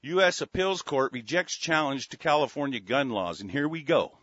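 A man's voice: mid-range voice, animated, moderate pace, fairly bright tone, no echo. A man hosting a talk radio show, ranting furiously with heavy swearing and many stumbling restarts. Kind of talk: angry call-in radio rant. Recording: dry, dull lo-fi studio sound.

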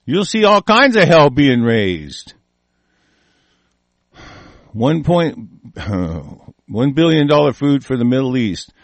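A man's voice: mid-range voice, very animated, takes it slowly, long pauses, no room sound. A man delivering an angry, profane political rant, combative and swearing constantly. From United States.

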